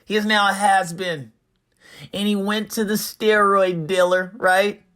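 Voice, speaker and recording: A man's voice: sits high, flat delivery, a little slow, sharp tone. A man hosting hyped gaming drama commentary, emphatic and repeating short tags. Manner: emphatic, repeats "right?" and "problem".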